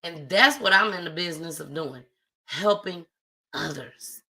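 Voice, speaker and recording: A livestream host talks casually and from the heart, chatting straight to her viewers. Her voice sits fairly low and sounds animated, bright and forceful, and she takes her time. The recording quality is low.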